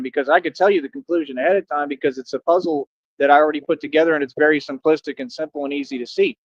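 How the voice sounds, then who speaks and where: A man's voice: a little high, no echo, highs cut off. A man live streaming, talking in an emphatic, repetitive, slangy ramble.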